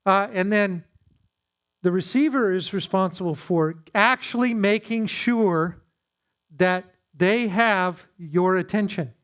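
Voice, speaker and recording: A man with a slightly high voice leads a marriage seminar at a church. He teaches in an easygoing, conversational way. He pokes fun at himself and acts out little exchanges as he goes. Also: takes it slowly, fairly bright tone, clean tone. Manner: conversational, with self-deprecating humor and acted-out quotes. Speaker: pastor leading a marriage seminar.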